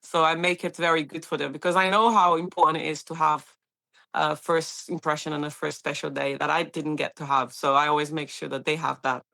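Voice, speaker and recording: A Brazilian woman, Portuguese her first language, recalls her work in a bright, forward voice. She talks freely in a casual interview, acting out quoted lines and laughing easily. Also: low-pitched, fairly quick, gravelly. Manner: animated storyteller, acts out quoted voices, laughs often. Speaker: paramedic guest.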